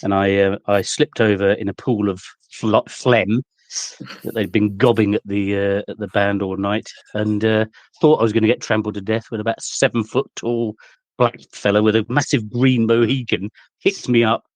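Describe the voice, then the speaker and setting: A man from England with a fairly low voice tells an anecdote in a dry, deadpan way. His voice is close to the mic, with a dry sound. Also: normal speed, dry recording. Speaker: podcast guest. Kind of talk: casual chat.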